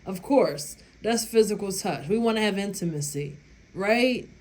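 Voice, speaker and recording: Her mid-range voice is animated, slightly mellow, and a bit slow. Chatting casually with her viewers about relationships, she's blunt and emphatic, swears a lot, and laughs at the story she's telling.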